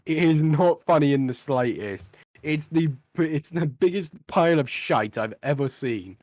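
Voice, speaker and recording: Young guy swearing his way through a rant, kinda high voice, dry sound. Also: animated, a little slow, a little mellow, no echo. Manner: blunt, sweary, ranting. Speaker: podcast co-host. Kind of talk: casual podcast chat.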